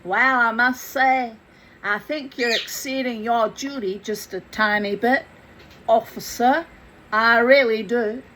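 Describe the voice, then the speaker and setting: A woman's voice: fairly high pitch, a little slow, a little hiss or hum, close to an everyday voice, rough recording. A woman voicing a genteel, flustered young man who protests politely in a put-on American drawl. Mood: indignant.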